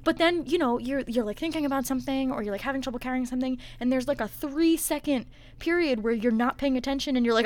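A woman's voice: sits high, quick pace. A woman co-hosting a podcast, chatting casually and expressively, with casual swearing. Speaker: podcast co-host. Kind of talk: casual chat.

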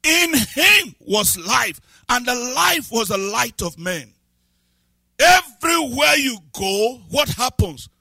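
A man preaches a sermon with a high, bright and somewhat husky voice, recorded dry and close. He swings from low, reflective asides to shouted, sung-out declarations. He keeps repeating phrases and asking his listeners questions. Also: big pitch swings, takes it slowly, hardly any pauses, dry recording. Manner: breaks into speaking in tongues. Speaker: pastor.

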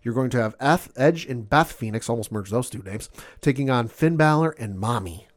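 A man's voice: medium pitch, lively intonation, moderate pace. Man rambling through a sports recap. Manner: rambling, filler-heavy, enthusiastic recap. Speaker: podcast host. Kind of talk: casual sports and gaming chat.

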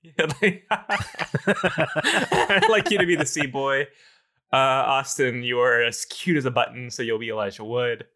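A man rambling through a silly pitch in casual chat, often breaking into giggles. His voice is bright and mid-pitched. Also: lively intonation, a little slow.

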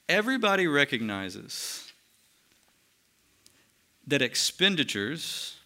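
A male pastor preaching a sermon in an earnest tone, slowing down and dropping quiet for emphasis. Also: medium pitch.

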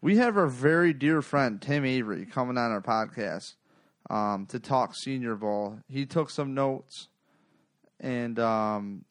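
A man hosts a casual sports podcast, rambling and cursing freely as he tells his stories. His voice sits at a middling pitch and sounds dry and close to the mic. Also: gravelly, dry recording. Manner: rambling, profane, animated storytelling. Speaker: podcast host.

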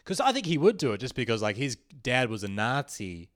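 Young male comic host, riffing satirical monologue, mid-pitched voice, loose rambling delivery with loud jumps. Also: sing-song, brisk. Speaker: comedy podcast host.

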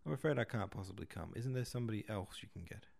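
A man's voice: fairly low pitch, animated, fast, creaky, a little mellow. Man reading as a sullen, evasive young man. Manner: stiff, sullen replies.

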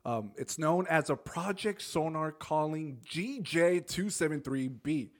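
A man's voice: a little high, lively intonation, measured pace. A man co-hosting a podcast, reading topic notes in casual chat, with frequent restarts and laughs. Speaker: podcast co-host.

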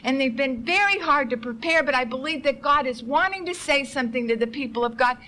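A woman's voice: high voice, brisk, pushed and bright, poor audio. A woman preaching an urgent, impassioned sermon, pressing her listeners with rhetorical questions and pleading repetition.

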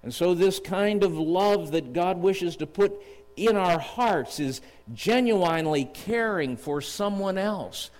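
A middle-aged man preaching a sermon in a church, earnest and storytelling, slowing down to read scripture. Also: sits high, darkish tone. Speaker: district superintendent preaching. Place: church sanctuary. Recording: long church reverb.

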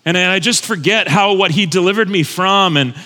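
A man's voice: sits high, moderate pace, sharp tone. A man preaching a sermon as pastor, earnest and conversational, repeating phrases for emphasis. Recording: long hall reverb.

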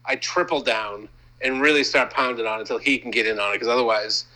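A man's voice: mid-range voice, fast, pushed and bright, rough recording. A man from Maine, co-hosting a casual comedy chat, rambling and riffing on absurd bits with plenty of swearing.

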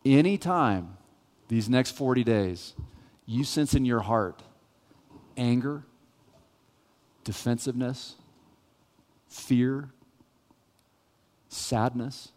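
A male pastor preaching a sermon, telling a self-mocking, animated story. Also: mid-range voice. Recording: reverberant church hall.

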